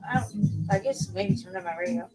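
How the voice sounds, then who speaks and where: Swearing, rambling woman streamer over loud music. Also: mid-range voice, fairly quick, poor audio. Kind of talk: casual livestream chat. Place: at home. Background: loud music playing.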